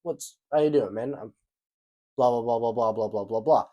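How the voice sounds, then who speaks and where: A man's voice: medium pitch, moderate pace, dark tone, highs cut off, lightly acted. Laid-back friendly braggart, impersonated by a man, easygoing and chummy.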